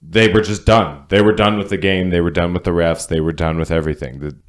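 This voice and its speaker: A man with a Cleveland accent and a very low voice talks with a friend on a podcast. He is blunt and swears freely, speaking with easy conviction. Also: fairly even intonation, brisk. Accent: Cleveland, Ohio. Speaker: podcast co-host. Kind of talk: casual chat.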